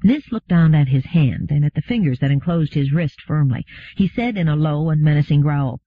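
A man narrating an audiobook in a steady, even reading. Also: fairly high pitch, moderate pace, hardly any pauses, dry recording. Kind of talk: scripted narration. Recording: phone-like narrow sound.

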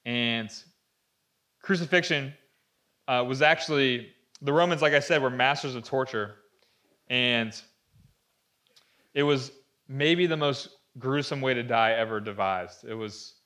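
A man's voice: mid-range voice, sharp tone. A man preaching a sermon to a room, earnest and conversational, asking rhetorical questions as he explains. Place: room with an audience.

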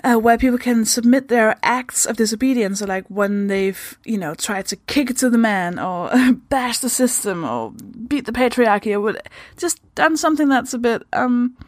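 A woman's voice: on the high side, lively intonation, normal speed, hardly any pauses, no room sound, clean studio sound. A young woman from Denmark hosting a podcast in a loose, chatty way, swearing freely and laughing often. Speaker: podcast host. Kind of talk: casual podcast chat.

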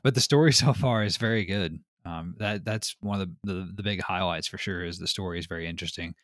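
Laughing, animated male podcast host. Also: low voice, a little fast, dry recording, clean studio sound. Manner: animated storyteller, laughs often, swears casually. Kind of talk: casual chat.

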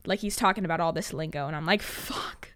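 Racing along in a low-sitting, fairly bright voice, a sixteen-year-old girl hosts her own casual solo podcast, piling on fillers, curse words, and self-mocking humor. The recording is dry and studio-clean.

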